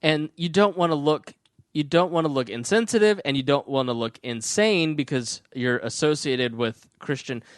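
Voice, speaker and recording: A man co-hosts a podcast, ranting with sarcastic energy. His voice sits a little higher than most men's. The sound is dry and close, with no room around it. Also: normal speed, dry recording. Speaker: podcast co-host. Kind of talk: casual ranting chat.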